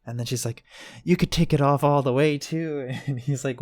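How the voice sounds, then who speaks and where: A man's voice: mid-range voice, steady tone, moderate pace, a little mellow, dry recording, studio quality. Rambling man acting out quotes. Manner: rambling, acts out quotes with voices. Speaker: podcast co-host. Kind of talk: casual chat.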